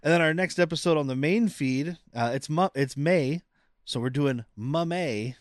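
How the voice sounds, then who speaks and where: A man's voice: on the high side, normal speed, dry recording, studio quality. A man co-hosting a podcast, chatting casually and rambling through the upcoming schedule with many restarts. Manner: rambling, self-correcting, announces schedule. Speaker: podcast co-host.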